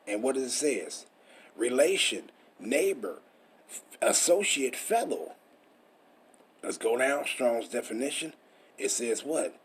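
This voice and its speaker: Husky, emphatic preaching man. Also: mid-range voice, big pitch swings, takes it slowly, long pauses. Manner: preachy, emphatic, profane, rhetorical questions. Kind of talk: street-style scripture teaching.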